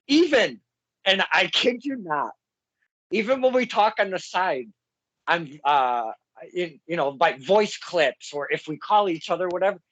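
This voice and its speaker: A chatty male podcast host with a high voice who breaks in with casual asides. The sound is close and dry, with no room echo. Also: animated, unhurried, a bit bright, lo-fi sound. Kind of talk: casual interview chat.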